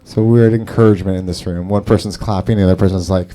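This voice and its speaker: A man's voice: low-pitched, fairly even intonation, fast, warm tone. A man doing stand-up at an open mic in a small garage, rambling and self-mocking, with a lot of profane crowd work. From Salvadoran and Brazilian heritage. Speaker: stand-up comedian.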